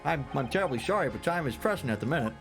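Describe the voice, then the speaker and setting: A man's voice: on the high side, lively intonation, rapid-fire, music in the background, voice pushed up. A man voicing a fawning, flustered middle-aged police inspector who gushes his words.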